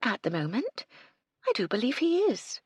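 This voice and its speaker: A woman voicing a mystical, condescending bohemian woman who speaks in drawn-out, mysterious murmurs. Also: a little high, huge pitch swings, slightly rough, no room sound, pitched above the performer's own voice, full character voice. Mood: eerie.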